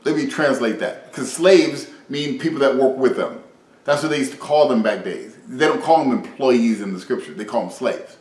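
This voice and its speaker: A man preaching an informal sermon, reading scripture and retelling conversations in a lively, conversational way. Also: mid-range voice, normal speed, reverberant, low-quality recording.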